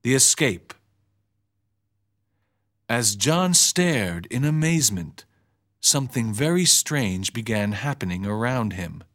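Measured male audiobook narrator. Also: medium pitch. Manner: even, measured storytelling. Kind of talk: scripted narration.

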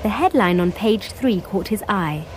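A woman narrating a scripted story in a measured, clear storytelling manner. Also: medium pitch, expressive, slight background noise, low-quality recording.

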